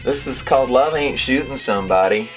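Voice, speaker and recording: A man's voice: medium pitch, brisk. A man from Massachusetts talking playfully in a candid interview, joking campily as he shows off his art. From Massachusetts, USA. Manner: playful, giggly, campy asides. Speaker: artist and musician interviewee. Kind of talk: candid interview and studio tour. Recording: roomy and distant, music behind.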